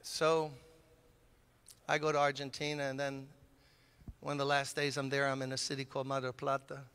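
A man's voice: medium pitch, normal speed, clear, resonant tone. An older man from Brooklyn, a pastor telling a story in a sermon and acting out the voices in his conversations. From Brooklyn, New York. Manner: animated, acts out both sides of conversations. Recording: long hall reverb.

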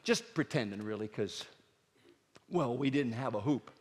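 A middle-aged man from Pennsylvania telling comic stories on stage, jumping up high and loud when he acts out his dad. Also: measured pace, in a large hall, very noisy. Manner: animated, shouts his dad's lines in a high voice. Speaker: stand-up comedian. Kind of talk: storytelling stand-up comedy.

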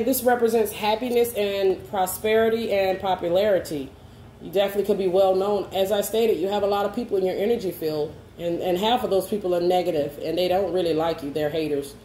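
A woman gives a spoken tarot reading to camera in a medium-pitched, dark-toned voice at a fairly quick pace. She sounds reassuring and coaxing, often checking in with "okay?". The room echoes and there's a faint hum behind her.

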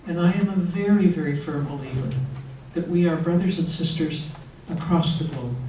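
A woman's voice: low voice, warm tone, slight background noise. An older woman, a religious sister, giving an earnest and personal retreat talk in a conversational way. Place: retreat hall. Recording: echoey room, mic far off.

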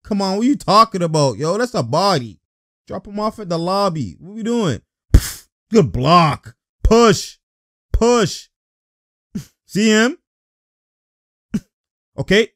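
A man giving casual, excitable reaction commentary over basketball highlights, laughing often and talking in heavy slang. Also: slow pace, pauses often, no echo, clean studio sound.

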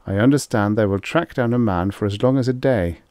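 A man's voice: fairly low pitch, brisk, darkish tone, dry recording, studio quality, pitched above the performer's own voice, lightly acted. A man voicing a cautious male guide who speaks curtly and plainly. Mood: explaining. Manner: curt, matter-of-fact.

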